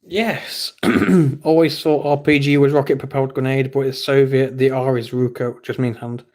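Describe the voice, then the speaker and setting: A man's voice: mid-range voice, flat delivery, normal speed, darkish tone. An English man hosting a casual livestream, reading viewers' chat aloud and answering with blunt, teasing remarks. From England. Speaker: livestream host.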